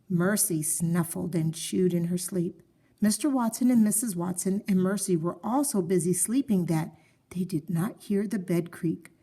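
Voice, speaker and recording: A woman reading a children's storybook aloud with expressive, gently paced storytelling. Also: on the low side, slightly rough.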